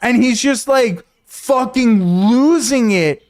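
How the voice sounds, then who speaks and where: A man streaming, telling a story to his chat in a casual, animated, profane way, often repeating himself. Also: high voice, a little slow, hardly any pauses.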